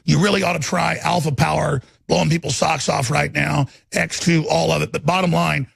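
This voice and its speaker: A man hosting a talk radio show, ranting angrily and emphatically, pitching products between tirades. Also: fairly even intonation, brisk, gravelly, hardly any pauses, husky, no room sound. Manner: angry, emphatic, repetitive ranting.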